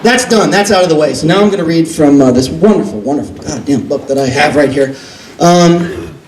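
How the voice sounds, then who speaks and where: A man with a somewhat high voice tells a self-mocking story at a live reading, animated and swearing freely. The sound is roomy and echoey, picked up from a distance. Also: fairly quick, crowd noise. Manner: animated, self-deprecating, profane. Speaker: author reading from his book. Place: record store reading event. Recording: roomy echo, distant mic.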